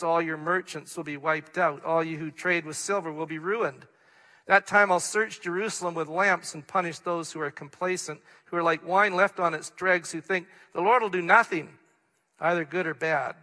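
A man's voice: high voice, bright, forceful tone. A middle-aged man, preaching a sermon, reading scripture and explaining it in an earnest, plain way. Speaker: pastor. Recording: long reverb of a large hall.

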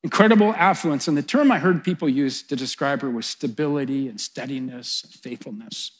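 A middle-aged man preaching a sermon, swelling to loud, fervent peaks and then dropping soft. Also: mid-range voice, fairly quick. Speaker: pastor.

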